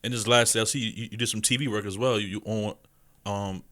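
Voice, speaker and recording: A man with a fairly low voice, hosting a podcast interview. He keeps things loose, with quick casual remarks. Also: steady tone, sharp tone. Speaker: podcast host.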